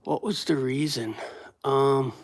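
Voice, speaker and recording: This building contractor speaks slowly at a medium pitch, muttering curses to himself and his audience as he works. It's a casual talk-while-working vlog, shot indoors in a windowless structure still being built. Expect echo, a far-off microphone, and light background noise.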